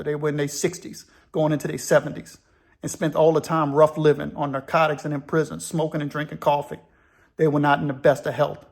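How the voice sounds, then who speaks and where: A man recounts a prison memory in first person. His telling is plain and conversational, and he takes his time over it. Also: a little high. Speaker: storyteller.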